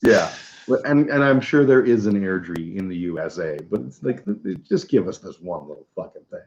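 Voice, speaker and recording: A man's voice: sits low, lively intonation, brisk, darkish tone, muffled recording, slight background noise. A middle-aged Canadian man with a Canadian accent, hosting a casual chat and telling rambling, profane stories. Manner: profane, rambling storyteller with acted-out voices. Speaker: host.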